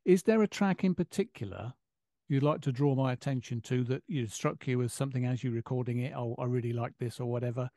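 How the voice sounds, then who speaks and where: Older male host, mellow tone, emphatic and chatty, dry close sound. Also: mid-range voice, quick pace, dry recording. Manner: chatty, emphatic, old-fashioned exclamations. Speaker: radio host. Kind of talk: casual radio interview.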